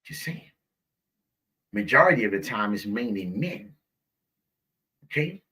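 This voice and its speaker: A man's voice: fairly low pitch, expressive, measured pace, sharp tone, husky. Preachy man talking to his live viewers. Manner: preachy, repeats himself, calls viewers baby. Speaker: live show host.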